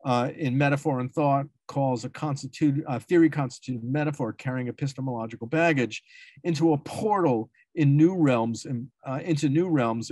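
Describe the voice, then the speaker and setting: A man's voice: medium pitch, darkish tone, no echo. Man reading a dense academic paper. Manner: reads dense prose with frequent self-corrections and restarts. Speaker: academic speaker.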